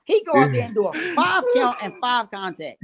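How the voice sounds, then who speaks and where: A man, a referee guest on a casual podcast, telling stories in an animated, exasperated way and laughing through them. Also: extremely high pitch, brisk, a loud crowd. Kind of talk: casual storytelling chat.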